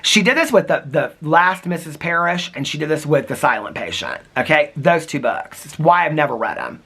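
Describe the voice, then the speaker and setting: A man vlogging on his front porch, telling a rambling story in a chatty, casual way with quick asides. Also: fairly high pitch, very animated, sharp tone, breathy edge.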